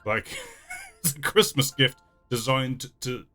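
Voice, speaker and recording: A man's voice: mid-range voice, wildly swooping pitch, slow, sharp tone, faint music behind. A man hosting a casual movie reaction, chatty, with lots of fillers and frequent laughs. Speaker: YouTube reaction host.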